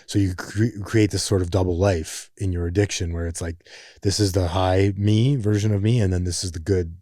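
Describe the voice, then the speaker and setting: A man telling his story in a reflective, measured way in a casual podcast conversation. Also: low voice, steady tone, dark tone, no echo, clean studio sound.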